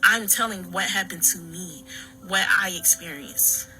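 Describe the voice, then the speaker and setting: Woman, low pitch, earnest, halting restarts, personal account. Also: pushed and bright, soft background music, low-quality recording. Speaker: daughter telling her story.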